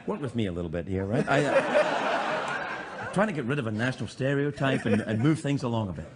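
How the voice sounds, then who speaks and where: A man's voice: mid-range voice, animated, a little fast. A man with a Scottish accent hosting a late-night talk show, teasing audience members with playful, mock-serious banter. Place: TV studio with live audience. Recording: loud audience laughter and noise.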